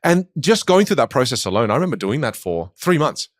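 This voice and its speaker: A man's voice: medium pitch, a little fast, dry recording, clean studio sound. An Australian man, a communication coach, talking in an interview and telling stories with voices. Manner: animated storytelling, puts on voices. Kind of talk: conversational interview.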